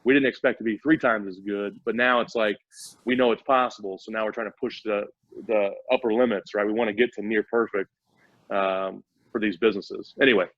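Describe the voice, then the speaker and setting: A man's voice: lowish voice, fairly even intonation, a little fast, no room sound. A man speaking as a startup CEO guest in a casual interview, eager and explaining at length with frequent restarts. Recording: dull, dry lo-fi audio.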